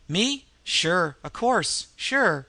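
A man's voice: fairly high pitch, normal speed, gravelly, pushed and bright, no room sound. A man voicing a nervous young male street crook who talks in slang and drops his g's. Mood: flustered.

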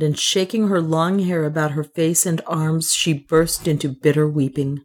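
A woman's voice: low-pitched, fairly even intonation, a little mellow, slightly rough. A woman reading a classic novel aloud and chatting enthusiastically about its characters. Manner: measured narration, enthusiastic chatty asides. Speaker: audiobook reader.

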